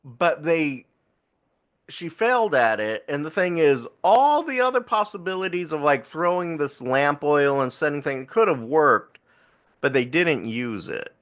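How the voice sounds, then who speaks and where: A man's voice: on the high side, sing-song, a little slow, a bit bright. A man co-hosting a podcast, casually retelling a film plot in a rambling way with laughs. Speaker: podcast co-host. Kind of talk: casual film review chat.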